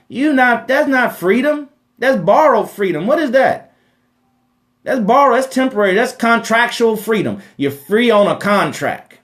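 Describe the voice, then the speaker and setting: A man with a fairly high voice hosts a live money Q&A. He talks in an emphatic, preachy way, repeating his points and checking in with a rhetorical "right?". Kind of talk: preachy live-stream talk.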